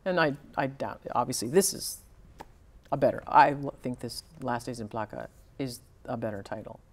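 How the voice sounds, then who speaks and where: A woman's voice: very deep voice, moderate pace, darkish tone. A woman novelist speaking as a guest in a conversational interview, thoughtful and searching for words with small restarts.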